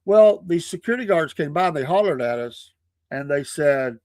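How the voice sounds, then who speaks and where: A man, a podcast host and preacher, telling stories in a casual, animated way, often breaking into laughter. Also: fairly high pitch, normal speed, no echo. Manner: animated, laughing often, acting out quoted people.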